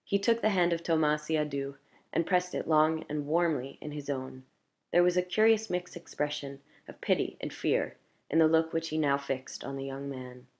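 A woman reading a classic short story aloud in a measured, clear narration. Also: sits low, a little mellow. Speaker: audiobook reader.

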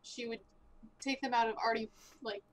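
Brief: woman player, somewhat high voice, easygoing chatter at the game table. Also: fairly even intonation, brisk. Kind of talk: casual chat during a tabletop game.

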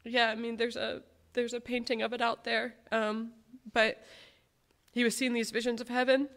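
A woman speaking as a granddaughter at a memorial service, telling personal stories about her grandfather in a heartfelt, halting way. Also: on the high side, little pitch movement, a bit bright. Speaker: granddaughter giving a eulogy. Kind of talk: memorial tribute speech.

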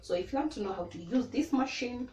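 A woman's voice: fairly high pitch, animated, quick pace, darkish tone. A woman, showing how to use a tool in a casual, step-by-step way. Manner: plain, step-by-step explaining. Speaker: DIY vlogger. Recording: echoey room with clear noise.

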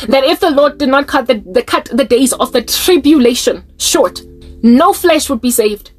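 High-voiced, impassioned South African woman. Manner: impassioned, pleading, restarts mid-sentence. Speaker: Christian vlogger. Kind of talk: emotional faith monologue.

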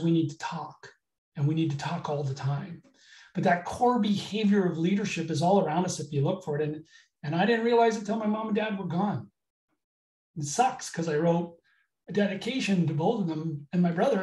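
Energetic male webinar trainer, roomy sound. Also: sits high, recorded from a distance. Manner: energetic, candid, gets emotional. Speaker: leadership trainer.

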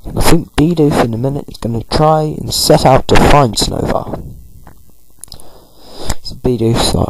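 A man's voice: medium pitch, unhurried, long pauses, slight background noise, poor audio. A man giving casual let's-play commentary, loosely narrating the game and paraphrasing characters with "he's like.". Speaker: gameplay commentator.

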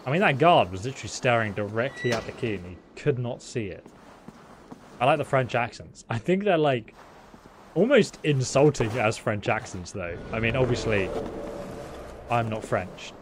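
A man's voice: medium pitch, lively intonation, moderate pace, background noise. A man giving casual, jokey, sarcastic commentary while playing a video game. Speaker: gameplay commentator. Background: game music and sounds.

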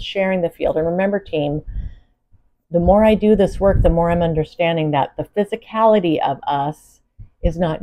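A woman giving a spiritual channeling talk in an earnest, reflective, meandering way, speaking from a living room. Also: lowish voice. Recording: slightly dull lo-fi recording.

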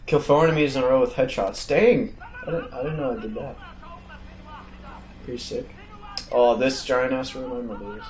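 A man's voice: medium pitch, fairly even intonation, normal speed, long pauses. A man giving casual let's-play commentary while playing a shooter, jumpy and self-mocking, talking to himself and his viewers. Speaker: gamer playing through a shooter campaign. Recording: roomy sound with loud game gunfire behind. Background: game gunfire and battle noise.

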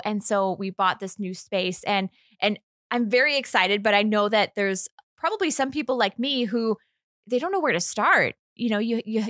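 A lively woman chatting on a gardening podcast with a bright, ringing, fairly high voice. She talks eagerly, tumbles over her words and laughs easily. The sound is close and dry. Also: no room sound. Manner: excitable, chatty, quick laughs and restarts. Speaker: co-host. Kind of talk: casual podcast chat.

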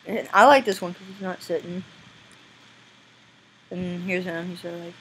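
A young woman giving casual gameplay commentary, excitable and squealing now and then, often breaking into silly voices. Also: lowish voice, normal speed, long pauses, slightly rough, poor audio. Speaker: gameplay video maker.

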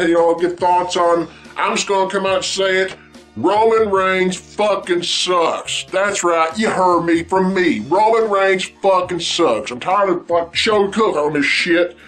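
A man's voice: high voice, a bit bright. A man hosting a vlog, delivering a blunt, profane, repetitive rant straight to his viewers. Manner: blunt, heavy swearing, repetitive. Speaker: vlog host ranting about wrestling. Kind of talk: profane angry rant to camera.

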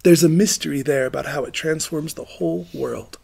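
A man's voice: on the high side, steady tone, brisk, vocal fry, a little mellow, slightly rough. A middle-aged man giving an informal, rambling sermon, joking about himself and laughing often. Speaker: preacher.

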